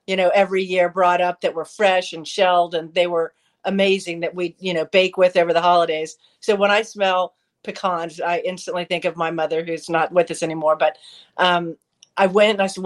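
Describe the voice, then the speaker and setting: A woman's voice: on the low side, moderate pace. A middle-aged woman chatting casually as a co-host, telling anecdotes with quoted back-and-forth. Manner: storytelling, lively anecdotes with quoted dialogue. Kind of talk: casual chat.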